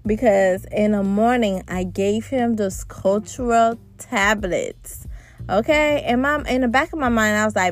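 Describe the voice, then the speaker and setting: Slow-talking young mom podcaster. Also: female voice, medium pitch. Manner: chatty, addresses listeners as y'all. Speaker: podcast host. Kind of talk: casual chat.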